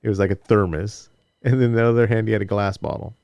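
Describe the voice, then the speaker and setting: A man with a lowish, mellow voice, chatting casually on a podcast as he recaps an episode. He rambles and jokes and slips into bits of the scenes as he goes. The sound is close and dry, with no room around it. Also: steady tone, fast, gravelly, no room sound, lo-fi sound. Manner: rambling, jokey storyteller who acts out scenes. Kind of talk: casual chat.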